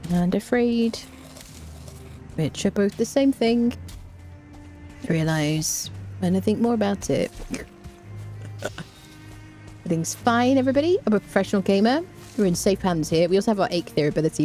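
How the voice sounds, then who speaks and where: Woman, game streamer; nervous, jokey commentary over quiet game music. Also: lowish voice. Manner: jittery, jokey, often shrieking in fright. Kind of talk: live gameplay commentary.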